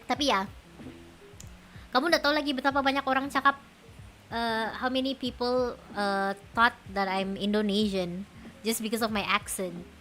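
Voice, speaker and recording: Young malaysian-accented woman streaming, chatty and giggly, slightly high voice. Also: steady tone, normal speed, bright, forceful tone, faint music behind. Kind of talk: casual chat stream.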